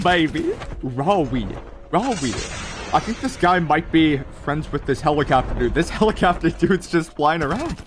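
A man's voice: fairly high pitch, rough recording. A young man streaming a mobile shooter, giving hyped play-by-play commentary and talking straight to his chat with lots of exclamations. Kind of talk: excited gameplay commentary.

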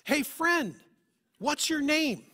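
A pastor putting on a bouncy five-year-old boy who shouts his questions with eager cheer. The voice sits high and bright, and it is plainly a grown man's playful take on a small child. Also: huge pitch swings, measured pace, big-room sound, full character voice.

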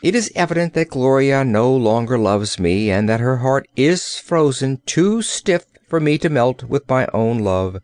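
A man's voice: mid-range voice, lively intonation, a little slow, hardly any pauses, darkish tone, no room sound, natural voice. A man voicing a devoted, earnest young gardener's boy who speaks formally.

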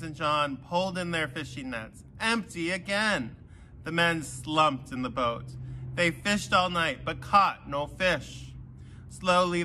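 A man giving a children's sermon, telling a Bible story with animated voices for the characters. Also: fairly high pitch, a little hiss or hum. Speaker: pastor.

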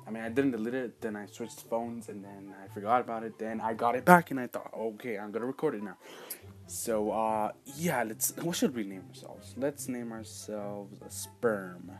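A man giving casual let's-play commentary as a gaming channel host, rambling and excitable, with sudden loud outbursts and quiet asides. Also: on the low side, moderate pace, soft background music.

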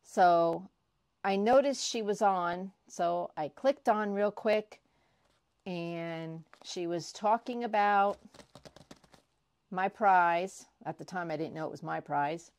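A woman crafting vlogger unboxing prizes she won, gushing and excitable, often repeating herself. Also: lowish voice, slow, dry recording. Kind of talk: casual unboxing vlog.

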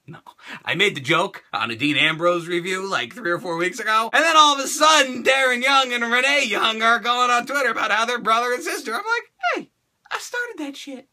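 A middle-aged man hosting a toy show, unboxing fan mail with a loud, crude, joking manner and quick silly voices. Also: extremely high pitch.

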